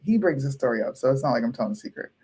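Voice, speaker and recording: A woman's voice: rumbling low, expressive, very fast, warm tone, breathy edge. A woman co-hosting a casual political talk show, blunt and outspoken with casual swearing. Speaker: co-host. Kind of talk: casual political commentary chat.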